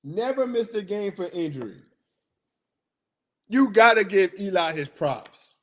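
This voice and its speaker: A man hosts a loose sports talk stream, talking in slangy, excitable rambles. His voice sits a little high and leaps all over as he gets worked up. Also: unhurried. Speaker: sports podcast host. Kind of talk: casual sports talk livestream.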